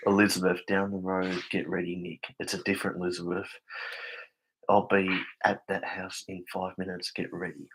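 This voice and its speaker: A man's voice: sits low, completely flat delivery, moderate pace, noisy background. An Australian man hosting a casual late-night live stream, stammering as he reads chat messages aloud and keeping his voice down for people asleep. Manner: keeps voice down, people sleeping. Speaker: livestream host.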